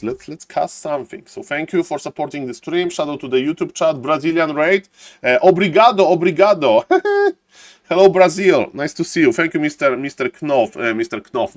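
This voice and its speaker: A man who is not a native English speaker, casting a game live on stream in a showy way, chatting with viewers and greeting them warmly. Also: medium pitch, no echo. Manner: showman-like, keeps repeating "ladies and gentlemen". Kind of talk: live esports commentary.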